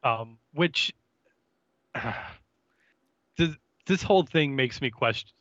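Slow-talking bright male podcast host. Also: medium pitch, no echo, dull audio. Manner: relaxed, halting recap with fillers and laughs. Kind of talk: casual recap chat.

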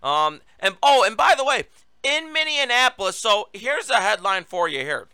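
A man's voice: high voice, big pitch swings, normal speed, bright, forceful tone, smooth, no echo. A man hosting his own show, giving a political commentary monologue and reading news quotes aloud with running asides. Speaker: show host.

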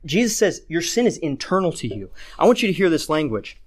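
A man's voice: fairly high pitch, sing-song, fairly quick, breathy edge. A man preaching a sermon in a conversational way, often checking in with "right?" and reading scripture aloud with rising emphasis. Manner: conversational, keeps asking "right?". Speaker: pastor.

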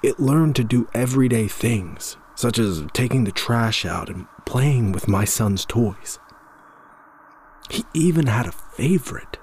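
A man telling a first-person horror story in a measured, somber way, stumbling over a word now and then. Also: fairly low pitch, darkish tone, slight background noise.

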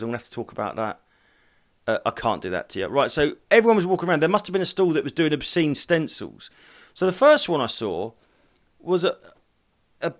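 A man's voice: on the high side, a bit bright. A middle-aged man hosting a solo podcast at home, rambling and sweary, hot, hungover and tired. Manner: rambling, sweary, self-mocking. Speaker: podcast host. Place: at home, walking through rooms.

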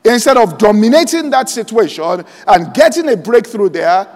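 Male pastor with a very high voice, preaching slowly to a congregation in a reverberant hall. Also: big pitch swings. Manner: preaching slowly and deliberately, quoting scripture aloud; checks in with the congregation often. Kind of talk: sermon. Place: large church hall.

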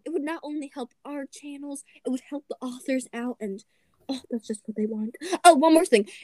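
A woman with a high voice hosts a podcast and reads a children's picture book aloud. She chats and giggles between pages. Her voice sounds close and dry. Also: a little mellow, no room sound. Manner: giggly, chatty asides. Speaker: podcast host.

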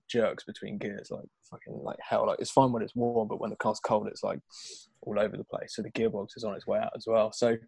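A man's voice: fairly low pitch, vocal fry, dry recording. A man co-hosting a podcast, rambling through a long story, acting out the dialogue and laughing along the way. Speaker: podcast co-host. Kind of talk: casual anecdote telling.

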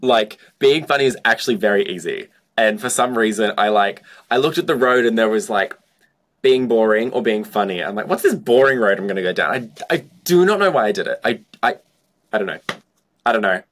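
A young adult man who performs in drag chats and tells stories loosely in an interview, peppering his speech with "like" and casual swearing. His voice is on the low side and fairly bright, with lively intonation and a fairly quick pace.

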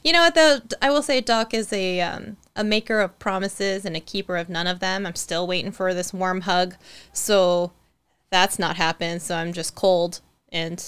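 A woman's voice: fairly low pitch, normal speed, fairly bright tone, clean tone. A woman hosting a live stream in casual, chatty talk, playful and teasing with her guest.

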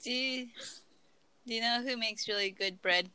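A woman's voice: on the high side, moderate pace, bright, forceful tone, smooth, no echo, poor audio. A woman co-hosting a podcast, telling stories casually and acting out quoted lines with laughter. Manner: storytelling with quoted asides and laughter. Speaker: podcast co-host. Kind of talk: casual chat.

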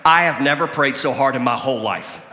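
A middle-aged man, a pastor, preaching a sermon with animated storytelling and sudden loud outbursts. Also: mid-range voice, a little fast. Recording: echoey hall, long reverb.

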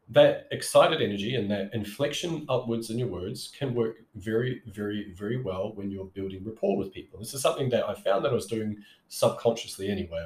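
A man's voice: a little mellow, echoey room. A man giving casual sales-call advice, talking loosely with many fillers and restarts, and showing off different speaking tones. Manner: conversational, rambling with frequent fillers and self-corrections; demonstrates vocal tones with shifts in pitch. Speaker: sales coach.

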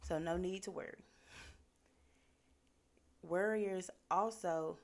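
A woman's voice: on the low side, steady tone, takes it slowly, darkish tone. A woman giving a casual motivational talk in an earnest, conversational way, with lots of "like" fillers. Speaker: motivational speaker.

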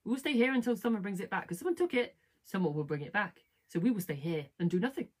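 A woman's voice: mid-range voice, brisk, a little mellow, breathy edge, close to an everyday voice. Woman doing a stubborn whiny little guy. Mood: insistent. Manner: insistent, whiny, repeating himself. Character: stubborn little male character clinging to the past.

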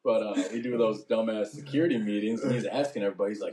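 A man's voice: lowish voice, very fast, echoey room, a crowd in the background. A young man telling a rowdy story with profanity and sound effects as a podcast co-host. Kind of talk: casual storytelling chat.

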